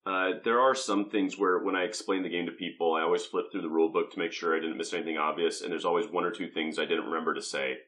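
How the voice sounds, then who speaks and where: A man's voice: low voice, steady tone, quick pace, hardly any pauses, fairly bright tone. A man co-hosting a board game review, explaining the rules in a casual, self-deprecating way. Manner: explanatory, self-deprecating about his accent.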